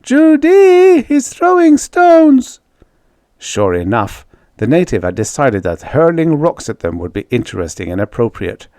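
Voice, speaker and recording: A man narrating a vintage science fiction story in a lively storytelling manner. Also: lowish voice, moderate pace, dry recording, studio quality. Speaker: audiobook narrator. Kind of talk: scripted narration.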